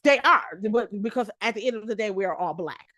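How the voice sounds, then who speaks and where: A woman's voice: medium pitch, fairly quick, no room sound. A young woman from Detroit chats in a podcast conversation, telling her stories with energy. She acts out what other people said as she goes, and her voice comes across dry and close to the mic, with no room sound around it. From Detroit, Michigan, United States. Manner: animated storyteller who acts out quoted voices. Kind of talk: casual conversation.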